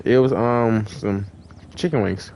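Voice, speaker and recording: A young man in voice chat, rambling through a profane story full of "like" and restarts, acting out lines with shouts. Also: fairly low pitch, a little slow, slight background noise. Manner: acts out quoted lines, shouting and laughing. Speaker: gamer in voice chat.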